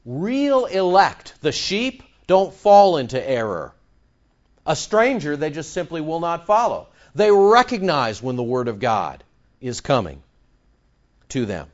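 Animated preacher man, lively pitch. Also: a little slow, highs cut off. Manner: animated, asks rhetorical questions, repeats phrases. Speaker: pastor. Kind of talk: sermon.

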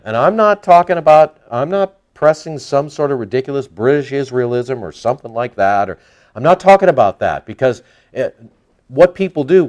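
This medium-pitched male speaker delivers a relaxed, conversational Bible lesson. Rhetorical questions are aimed at his listeners, and scripture readings come out slower and louder than the rest.

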